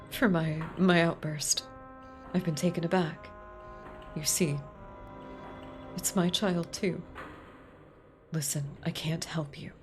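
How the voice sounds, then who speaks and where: Woman doing a tense game librarian, clipped, low-ish voice, sharp whispers. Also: lightly acted. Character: stern, shaken woman librarian, curt and guarded.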